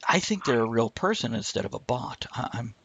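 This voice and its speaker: A man's voice: mid-range voice, big pitch swings, fairly quick, vocal fry, a bit bright, husky, dry recording. Rambling man on a dull dry stream mic. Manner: rambling, self-interrupting, reads chat aloud. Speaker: livestream co-host. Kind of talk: casual live-stream chat.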